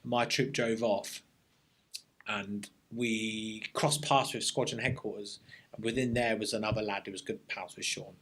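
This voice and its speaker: A man, an army veteran and guest, telling a story in a relaxed interview, reflective and full of army slang, often restarting his sentences. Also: on the low side, unhurried, husky.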